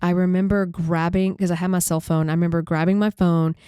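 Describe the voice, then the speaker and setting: A woman podcast host recounting a painful personal story in a halting, conversational way with many restarts. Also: lowish voice, little pitch movement, mellow, clean tone, no room sound, studio quality.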